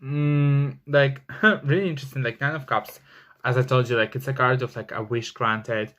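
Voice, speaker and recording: A man reads tarot cards to camera in a loose, casual way. He talks emphatically, with many fillers and the odd curse. His voice sits at an ordinary middle pitch. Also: steady tone, normal speed, a bit bright. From Russia. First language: Russian. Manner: chatty and emphatic, heavy on "like" fillers and swearing. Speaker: tarot reader.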